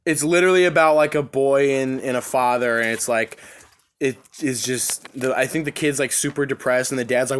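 A young adult man hosting a podcast in casual chat, talking in an excitable, profane, animated storytelling way. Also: medium pitch, a little fast, a little hiss or hum. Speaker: podcast host.

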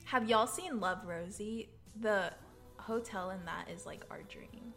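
A woman's voice: mid-range voice, unhurried, vocal fry, a bit bright, soft background music. A young woman in her twenties co-hosting a podcast, playful and teasing, laughing often. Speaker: podcast co-host. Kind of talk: casual chat.

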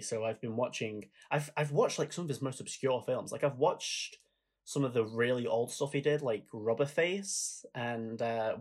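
Man, podcast co-host, casual film chat, enthusiastic, laughs while retelling scenes. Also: medium pitch.

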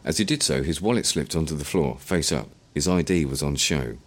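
A man narrating an audiobook in an expressive storytelling manner. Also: rumbling low, a little fast.

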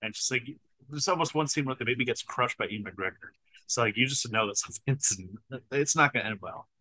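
Bright-voiced man in casual film chat. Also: medium pitch, fairly quick, no echo, rough recording. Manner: laid-back and profane, laughs between points. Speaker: podcast co-host. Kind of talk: casual movie discussion.

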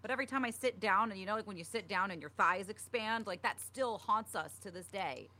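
A woman's voice: medium pitch, fairly quick, pushed and bright, no echo. Chatty young woman podcast co-host. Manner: chatty, uses many fillers like "like" and "um". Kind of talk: casual chat.

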